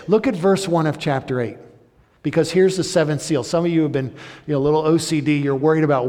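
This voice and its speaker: A male pastor preaching a sermon. He builds to emphatic peaks and then drops low and slow. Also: darkish tone. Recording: long hall reverb.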